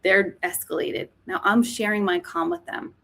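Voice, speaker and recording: A woman's voice: medium pitch, normal speed, gravelly, a bit bright. A woman, an author and teacher, explaining mindfulness in a podcast interview, often checking in with "right?". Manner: explanatory, frequent "right?" tags.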